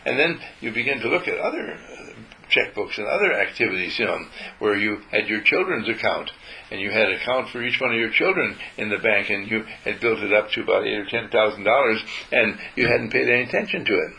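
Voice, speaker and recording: A man giving a gentle spiritual talk to a group, telling stories and acting out how he talks to his dog. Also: lowish voice, lively intonation, brisk, vocal fry, poor audio.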